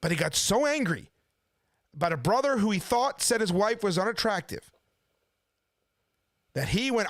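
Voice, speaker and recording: A man's voice: high-pitched, big pitch swings, moderate pace, long pauses, a bit bright, no echo, studio quality. A man at home in his kitchen, ranting indignantly in casual commentary, firing off rhetorical questions. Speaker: preacher and channel host.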